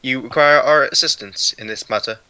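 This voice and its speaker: A man at a tabletop game who speaks in polite, formal phrases in character. His voice is very bright and sharp, recorded dry and close. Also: mid-range voice, normal speed, dry recording, poor audio. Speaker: player.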